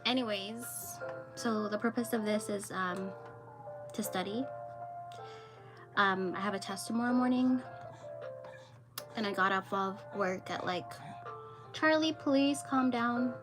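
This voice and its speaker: A woman's voice: medium pitch, steady tone, unhurried, pauses often. Chatty young woman with music behind. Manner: rambling and chatty with many fillers. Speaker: streamer. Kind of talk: casual livestream chat. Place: home room with dogs.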